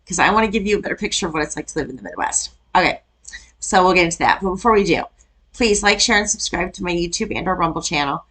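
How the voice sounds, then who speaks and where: A woman from Wisconsin hosts a casual reaction video. Her voice sits a bit low and she talks in a chatty way, often breaking into exclamations. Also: lively intonation, quick pace, fairly bright tone, poor audio. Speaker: YouTube reaction host.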